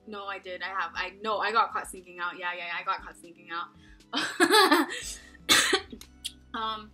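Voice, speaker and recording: A woman's voice: medium pitch, pushed and bright. A young woman from Texas telling a story to camera in her dorm room, rambling and profane, with a constant "like" and frequent giggles. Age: young adult. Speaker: vlogger.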